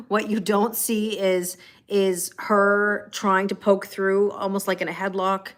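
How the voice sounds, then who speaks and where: A woman's voice: mid-range voice, little pitch movement, takes it slowly. Giggly woman doing a chill tarot livestream, chatting and cracking jokes. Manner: giggly and joking, greets viewers by name. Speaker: tarot reader hosting a live stream. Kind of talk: casual live-stream chat with viewers.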